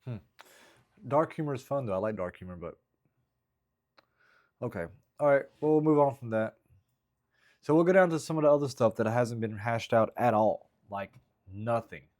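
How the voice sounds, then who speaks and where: A man comedian casually thinking out loud about his jokes, rambling with plenty of hesitant fillers. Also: medium pitch, lively intonation, moderate pace, long pauses. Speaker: stand-up comedian writing jokes. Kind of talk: casual vlog thinking aloud.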